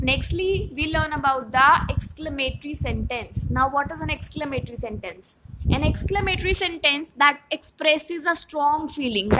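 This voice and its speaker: A woman with an Indian English accent teaches grammar to young children, reading out example sentences and explaining each one slowly. Her voice sits high. A steady hiss of noise runs under the recording. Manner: slow explaining, reads examples aloud.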